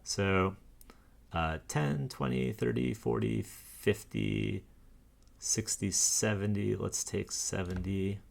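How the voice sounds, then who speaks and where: A man's voice: lowish voice, slow, creaky. A man giving a casual, argumentative walkthrough of charts on his screen, scornful and laughing dismissively. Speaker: commentator.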